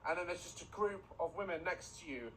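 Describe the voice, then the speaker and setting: A man's voice: high voice, brisk, bright, forceful tone, slight background noise, rough recording. A man streaming a game, giving mocking, exasperated commentary. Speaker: gaming streamer. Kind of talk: sarcastic reaction commentary.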